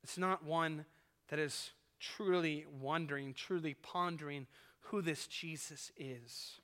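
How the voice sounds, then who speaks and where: A man's voice: on the high side, slow pace, a bit bright. A man preaching a sermon as pastor, earnest and swelling and dropping in volume as he retells a scene. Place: church sanctuary. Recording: echoey church hall.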